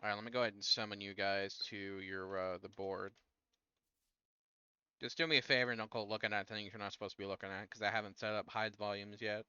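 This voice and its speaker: A man running an online tabletop game as game master, talking casually in a halting way with lots of fillers. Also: fairly low pitch, level tone, sharp tone, clean tone, no echo, lo-fi sound. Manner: halting, many fillers and restarts.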